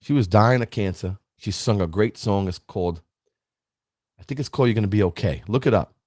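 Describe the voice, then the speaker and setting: A man's voice: on the low side, fairly quick, darkish tone, no room sound, studio quality. A man hosting a motivational livestream, preaching about never quitting and greeting viewers by name, at times choked up. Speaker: livestream host. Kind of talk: motivational live stream talk.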